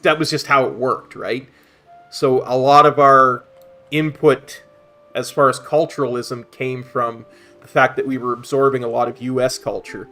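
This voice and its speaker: Middle-aged canadian guy streaming a game, rambly, repeats himself, normal pitch, quiet music behind. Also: steady tone, moderate pace. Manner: rambling, repeats words while searching for a point. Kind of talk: casual chat while gaming.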